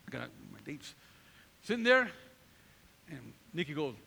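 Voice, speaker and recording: A middle-aged pastor from Northern California tells his testimony from the pulpit, acting out old conversations in an animated way. His voice sits high and swings widely, with a gravelly rasp. A long church-hall reverb trails each phrase. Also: measured pace, long pauses. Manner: animated storytelling, acting out his own past dialogue. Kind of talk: sermon testimony.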